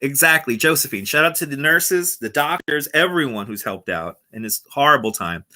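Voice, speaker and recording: A man's voice: mid-range voice, lively intonation, moderate pace, pushed and bright. A man hosting a casual livestream outdoors, chatting with viewers and laughing often, on a lapel mic. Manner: chatty, reads out and answers chat, laughs often. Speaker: livestream host. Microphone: wireless lapel mic.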